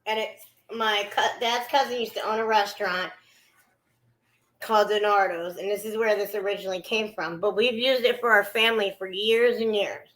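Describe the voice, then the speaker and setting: Woman, casual cooking chat, bright tone, rambling, greets viewers. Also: medium pitch, steady tone, normal speed, poor audio. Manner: chatty, greets viewers mid-sentence, trails off. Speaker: vlogger cooking on a livestream.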